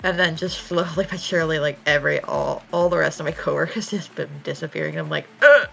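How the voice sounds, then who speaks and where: While drawing on stream, a young woman chats and swears freely, spinning animated stories a little fast in a low, creaky voice. Faint music plays in the background, and the audio quality is poor.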